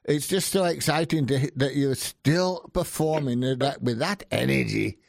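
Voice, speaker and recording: A man hosting a casual interview, enthusiastic and quick to praise his guest. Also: mid-range voice, creaky, no echo, clean studio sound.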